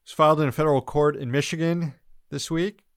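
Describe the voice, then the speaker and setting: A man's voice: a little high, steady tone, brisk, clear, resonant tone, dry recording, clean studio sound. A man co-hosting a news podcast, reading headlines and riffing on them with sarcastic, profane commentary. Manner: sarcastic, profane, mocking voices of officials. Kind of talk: casual political commentary.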